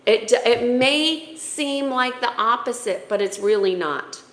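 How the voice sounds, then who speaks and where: A woman's voice: fairly high pitch, lively intonation, takes it slowly. Earnest woman coach with a roomy echo. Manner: earnest, emotional, tearful at times. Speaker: spiritual coach. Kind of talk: heartfelt spiritual talk to camera.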